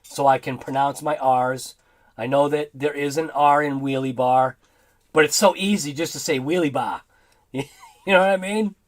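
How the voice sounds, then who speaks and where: A man's voice: fairly high pitch, fairly even intonation, normal speed. A man with a Boston accent hosting a casual livestream, rambling and laughing as he reads chat aloud. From Boston area, United States. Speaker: livestream host.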